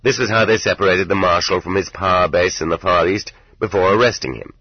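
A man narrating an audiobook in measured, even storytelling. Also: sits low, slightly rough, dry recording, lo-fi sound. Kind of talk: scripted narration.

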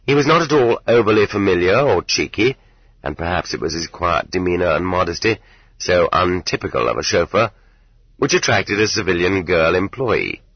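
A man narrating an audiobook in measured, even storytelling. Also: sits low, husky, no echo, highs cut off. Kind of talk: scripted narration.

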